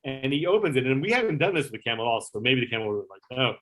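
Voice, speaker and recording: Rapid-fire and mid-range in pitch, this man's voice carries a long, rambling backstage story from his time producing a talk show. He's casual and animated, leaning on fillers and swearing now and then.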